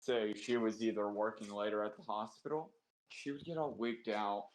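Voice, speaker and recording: A man's voice: fairly low pitch, steady tone, normal speed, poor audio. Rambling casual male streamer. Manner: rambling, loose and profane. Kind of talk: casual chat.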